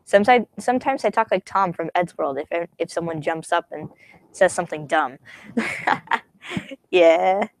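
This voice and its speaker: A woman's voice: fairly low pitch, a little slow, pauses often, no room sound, low-quality recording. A teenage girl chatting casually on a stream, giggling often and rambling. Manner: giggly, rambling, slips into silly voices. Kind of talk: casual chat.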